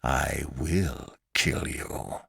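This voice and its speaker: A man voicing a hateful, desperate dead man brought back to life, speaking slowly and heavily in a storybook reading. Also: very deep voice, gravelly, pushed and bright, breathy edge, no echo, clean studio sound, voice pushed down, heavily acted. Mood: menacing. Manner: slow, heavy, bitter.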